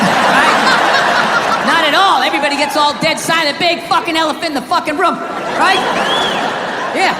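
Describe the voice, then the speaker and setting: A man doing a live stand-up set on a handheld mic, loud, profane and ranting. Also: very high voice, heavy background noise. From United States. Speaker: stand-up comedian. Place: live comedy venue in England. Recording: roomy hall with loud crowd laughter.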